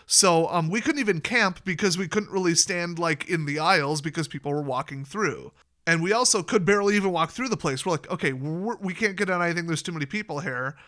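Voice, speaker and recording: Here a man talks casually about casino strategy in a wandering, conversational way, his speech intentionally clear and articulate. Quoted dialogue gets performed with sudden upward jumps in pitch, all in a sharp tone.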